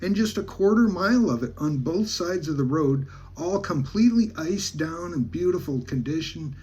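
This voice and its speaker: A man's voice: fairly high pitch, lively intonation, moderate pace, a little mellow, husky. A man from Alaska, a travel vlogger, telling a rambling, folksy story in casual talk with many restarts.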